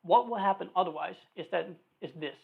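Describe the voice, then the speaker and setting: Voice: mid-range voice, fairly quick, creaky, husky. A programming instructor talking through live code, thinking aloud, spelling out each line, and correcting slips along the way. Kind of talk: live-coding tutorial. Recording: tinny phone-like recording.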